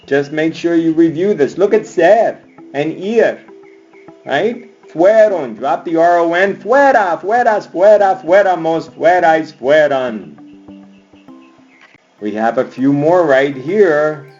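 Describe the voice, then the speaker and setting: A man's voice: fairly high pitch, lively intonation, takes it slowly, darkish tone, muffled recording, soft background music. A male Spanish teacher giving a screen-recorded grammar lesson, upbeat and chanting verb endings like a cheer. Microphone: computer mic on screencast.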